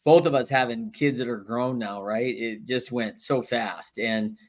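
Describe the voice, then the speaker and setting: A middle-aged man hosting a podcast, talking in a relaxed, easygoing way about family. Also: medium pitch, unhurried. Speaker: host. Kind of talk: casual podcast chat.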